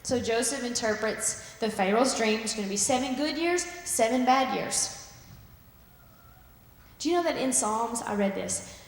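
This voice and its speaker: A woman preaching a sermon and retelling a story with lively acted-out voices. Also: fairly high pitch, measured pace. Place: church sanctuary. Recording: echoey church hall.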